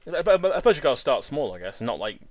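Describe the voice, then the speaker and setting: Chatty man giving excitable gameplay commentary, dry sound. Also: medium pitch, rapid-fire, dry recording. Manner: excitable, chatty, many restarts and repeated words. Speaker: Let's Play host.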